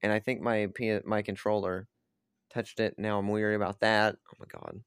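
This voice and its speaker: A young man rants casually into a close mic, rambling and exasperated, dropping frequent curses and short laughs. His voice is smooth and clear, with a dry, close sound and no room around it. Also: on the low side, level tone, no room sound. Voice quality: swears a lot, quick laughs between rants. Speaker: streamer. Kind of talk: casual ranting vlog.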